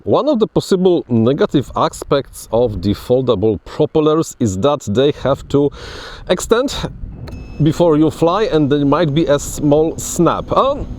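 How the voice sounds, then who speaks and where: A man's voice: fairly high pitch, sing-song, measured pace, a little mellow. A man giving casual, chatty commentary while flying a drone outdoors, often restarting and repeating his words. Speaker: FPV drone reviewer. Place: outdoors on grass.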